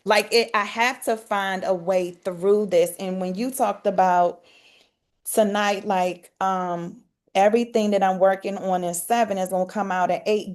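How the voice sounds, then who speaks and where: A woman in a coaching group, candidly sharing a hard year in a searching way, with many fillers. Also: a little high. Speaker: community member sharing her year. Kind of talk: personal sharing in a group call.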